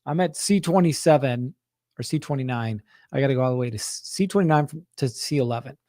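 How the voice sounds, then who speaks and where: Animated man telling a travel story. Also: medium pitch, fairly quick, dry recording, clean studio sound. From Utah. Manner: animated, acts out quotes, frequent "right?" asides. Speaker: host of a contractor business show. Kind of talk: casual storytelling to an audience.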